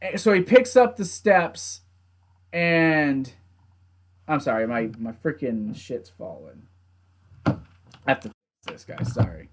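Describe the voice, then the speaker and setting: A young man casually recapping a wrestling event, animated, laughing often and acting out the wrestlers' lines. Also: a little high, takes it slowly, long pauses, a little hiss or hum. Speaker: wrestling show reviewer. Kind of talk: casual recap with acted quotes.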